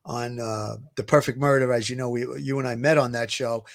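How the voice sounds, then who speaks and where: A man with a Brooklyn New York accent, a former police officer co-hosting a show, talking earnestly in casual chat with many pauses and restarts. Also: mid-range voice, steady tone.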